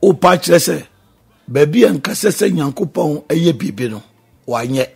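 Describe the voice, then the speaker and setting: A man's voice: fairly high pitch, animated, normal speed, creaky, darkish tone, breathy edge, soft background music. A man with a Ghanaian accent preaching a radio sermon, emphatic, firing exclamations and questions at the listener. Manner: alternates between two languages. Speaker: pastor.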